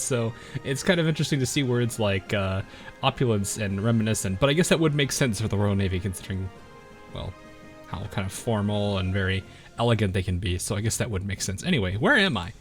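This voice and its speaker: A man hosts a gaming video, reading a game story aloud and breaking off to comment on it. He sounds casual and self-mocking and laughs a lot, with a mid-pitched voice that swings up and down a great deal. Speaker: gaming YouTuber.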